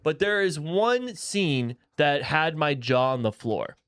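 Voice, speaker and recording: Excitable man co-hosting a podcast. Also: on the high side, slow pace, smooth. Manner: excitable, restarts sentences. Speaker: podcast co-host. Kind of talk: casual pop-culture chat.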